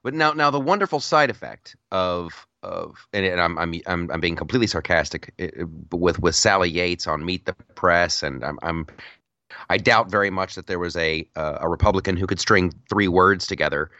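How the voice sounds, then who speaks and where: A man's voice: low voice, moderate pace, bright, forceful tone, dry recording, dull audio. A man co-hosting a casual political chat podcast, rambling and repeating words as he tells stories. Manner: chatty storyteller, repeats words, laughs, puts on silly voices. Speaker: podcast co-host.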